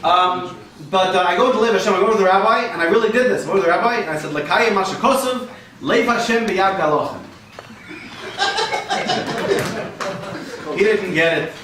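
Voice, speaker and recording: A man's voice: sits high, normal speed, long pauses, distant mic, noisy background. A man performing a rambling stand-up set for a live audience, joking and sprinkling in Yiddish and Hebrew terms. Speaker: stand-up comedian. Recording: echoey room recorded from afar.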